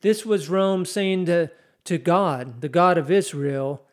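Slow, dramatic male preacher. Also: high-pitched. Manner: slow, dramatic reading of scripture with rising intensity. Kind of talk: sermon.

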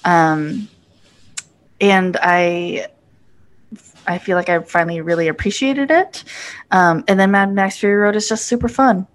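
A woman's voice: mid-range voice, unhurried, long pauses, slight background noise. A woman casually talking about films as a podcast co-host, enthusiastic and joking. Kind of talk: casual movie review chat.

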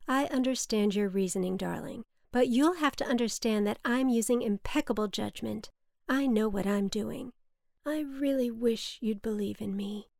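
A woman doing a raspy, theatrical old mother. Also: fairly high pitch, normal speed, darkish tone, dry recording, studio quality. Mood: pleading. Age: older. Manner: grand, drawling, calls everyone darling. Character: dramatic older mother, theatrical smoker.

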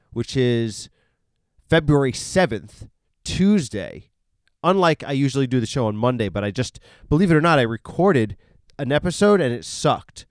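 A man's voice: mid-range voice, clear, resonant tone, no echo, clean studio sound. A man hosting a casual solo podcast, rambling and swearing freely, full of fillers and self-corrections. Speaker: podcast host. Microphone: studio podcast microphone.

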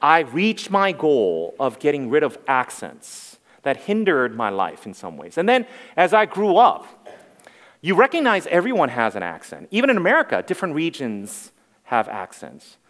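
A man's voice: on the high side, wildly swooping pitch, normal speed, a bit bright. A man in his forties preaching a sermon as pastor, earnest and emphatic, repeating key phrases. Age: 40s. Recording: reverberant hall.

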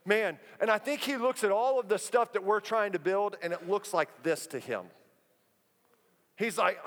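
A man in his thirties with a notably high voice preaches to his congregation, mixing jokes and personal stories into the sermon. His relaxed, chatty delivery rings out in a big church hall with a long, trailing reverb. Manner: humorous, conversational storytelling with quick asides. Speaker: pastor. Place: church auditorium.

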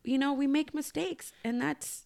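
A woman's voice: high-pitched, fairly even intonation, a little slow, creaky, darkish tone. A woman in her thirties, a podcast co-host, telling a personal parenting story in a casual, earnest way. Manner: earnest storytelling, acts out dialogue. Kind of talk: casual faith-based podcast chat.

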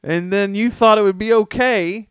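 A man in loose, profane conversation, venting with exasperated rants. His voice is smooth and resonant, recorded close and dry with no room sound. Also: high voice, moderate pace, fairly bright tone, no room sound. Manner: heavy swearing, ranting, exasperated. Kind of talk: casual profane chat. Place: New York.

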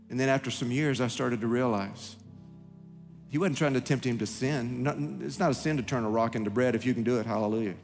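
A man's voice: medium pitch, lively intonation, a little fast, in a large hall, soft background music. A man preaching a sermon as pastor, emphatic, acting out quoted voices. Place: church hall.

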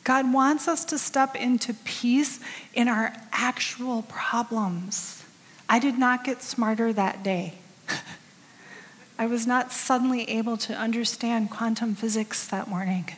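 A woman in her fifties speaks slowly to a women's group in a conversational sermon, her slightly high voice fairly even in intonation. As a women's ministry speaker, she tells stories about herself with frank, self-deprecating humor, and a large hall's long reverb surrounds her.

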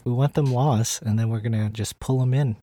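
A man co-hosting a podcast in casual chat, with dry, deadpan banter. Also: medium pitch, brisk, no room sound. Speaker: podcast co-host.

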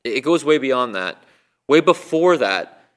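Bright-voiced man preaching with many questions. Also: mid-range voice, expressive, unhurried. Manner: conversational, asks the listeners many questions. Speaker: guest preacher. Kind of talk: sermon. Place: church, recorded for online viewing.

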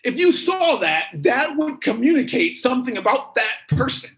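A man preaching a sermon, telling a story with lively repeated phrases. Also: extremely high pitch, moderate pace, rough recording.

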